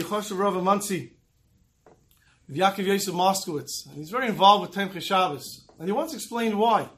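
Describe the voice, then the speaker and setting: A man with a fairly high voice gives a Torah lesson as a storyteller. He jumps into the voices of the people in his stories, raising and dropping his voice as he goes. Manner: animated storyteller acting out quotes. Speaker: Torah teacher.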